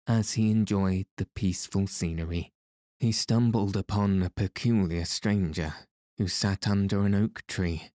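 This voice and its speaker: A man narrating a storybook tale in a measured, even storytelling manner. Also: on the low side, dry recording, studio quality.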